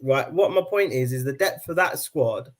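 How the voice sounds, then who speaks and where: A man on a fan panel, making his point in halting bursts and often checking "right?". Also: mid-range voice, animated, a loud crowd. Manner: halting, restarts often, keeps asking "right?". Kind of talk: casual debate chat.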